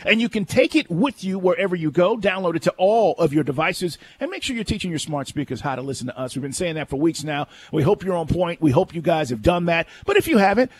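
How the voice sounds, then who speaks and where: A man's voice: fairly high pitch, quick pace, few pauses, husky, no echo. A man co-hosting a sports radio show, talking energetically and reading promos between segments. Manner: energetic, reads station promos and phone number.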